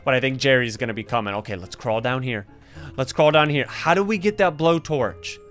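A young man doing let's-play commentary of a horror game, talking to viewers and yelping at every scare. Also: on the high side. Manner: excitable, yelps and shouts at scares; talks to viewers as "you guys". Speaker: gaming YouTuber. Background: game music.

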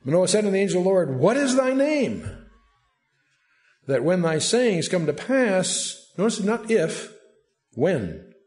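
Bible teacher, male, slightly higher pitch, chatty, digressive lecture style. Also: animated, moderate pace, darkish tone. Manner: conversational, digressive, with asides; reads scripture aloud in a lifted voice.

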